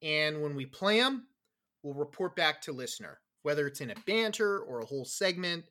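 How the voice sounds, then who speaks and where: Bright, animated male podcast co-host. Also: fairly high pitch, moderate pace. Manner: animated, laughing, playful. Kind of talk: casual podcast chat.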